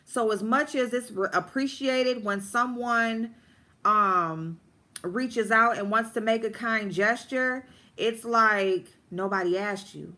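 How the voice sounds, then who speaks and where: A woman telling a story during a livestream, animated and blunt, with plenty of swearing. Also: a little high, unhurried. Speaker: livestream host. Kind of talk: casual storytime rant.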